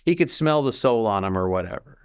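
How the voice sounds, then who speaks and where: A man co-hosting a podcast in casual chat, animated and quick to act out quoted lines. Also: mid-range voice, clean tone, no echo, studio quality. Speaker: podcast co-host.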